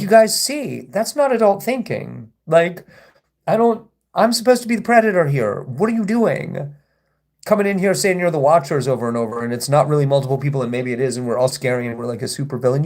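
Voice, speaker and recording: A man's voice: a little high, creaky, darkish tone. A man hosting a casual livestream, rambling and sarcastic as he reads and answers chat comments. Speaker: livestream host.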